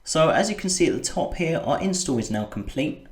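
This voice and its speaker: Man explaining software steps patiently. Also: on the high side, lively intonation, fairly quick, reverberant. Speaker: web design tutor. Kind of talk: screen-recorded software tutorial.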